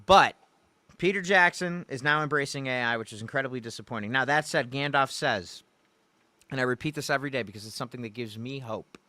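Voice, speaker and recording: A man hosts a loose, rambling livestream and talks straight to the viewers in his chat in a folksy way. His voice is bright and forward, and the recording is close and dry, with no room sound. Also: medium pitch, clean tone, no room sound. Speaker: livestream host. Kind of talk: casual livestream commentary. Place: Louisiana.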